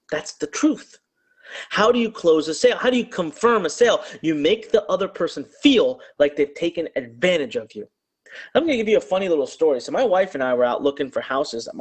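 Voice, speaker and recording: Male marketing speaker, husky and a touch high, animated motivational storyteller. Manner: animated storytelling, acting out his own panic. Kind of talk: motivational sales talk.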